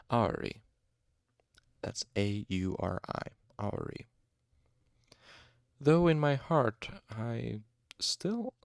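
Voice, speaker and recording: A man's voice: mid-range voice, gravelly, no room sound, studio quality. A man reading a novel aloud expressively, with occasional asides and self-corrections. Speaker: audiobook narrator.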